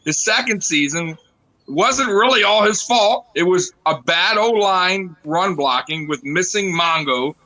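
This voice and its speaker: Brief: male former-athlete guest, firm and argumentative, bright and forceful tone. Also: sits high, lively intonation, a little slow, no echo, rough recording. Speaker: podcast guest, former pro football player. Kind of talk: casual sports debate.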